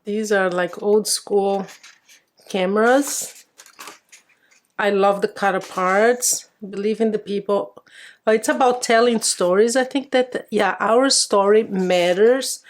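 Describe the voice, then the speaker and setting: A woman's voice: mid-range voice, fairly even intonation, slow pace. A woman hosting a crafting channel, casually unboxing a card kit with fond, chatty commentary and frequent restarts.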